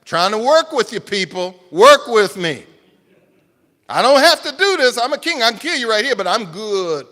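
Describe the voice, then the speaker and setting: A man's voice: sits high, sing-song, moderate pace, sharp tone, in a large hall, voice pushed up, exaggerated voice. A man voicing a proud, angry ancient king who demands to know why he is being defied. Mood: condescending. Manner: indignant, demanding, self-pitying questions.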